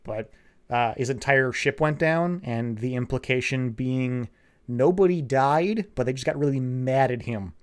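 A man recaps a cartoon plot in a rambling, sarcastic way. He swears freely and drifts into asides. His delivery stays casual and deadpan-comic throughout. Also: mid-range voice, measured pace, smooth. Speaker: show recapper. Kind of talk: profane comedic plot recap.

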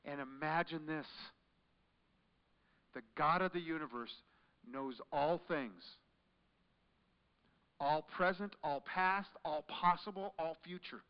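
Pastor preaching in an echoing hall. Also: male voice, on the high side, takes it slowly, pauses often, smooth. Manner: dramatic swings from hushed to loud. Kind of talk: sermon. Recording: muffled recording in a large echoing hall.

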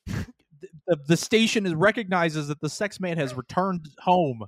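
Casting note: fairly high-voiced male podcast co-host, rambling, crude humor, dry close recording. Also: lively intonation, moderate pace, no echo. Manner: rambling, profane, jokey. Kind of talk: casual chat.

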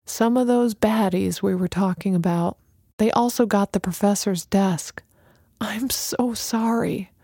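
A woman voicing a calm, mystical woman who speaks in a serene, knowing, unhurried way. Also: mid-range voice, no echo, clean studio sound, natural voice.

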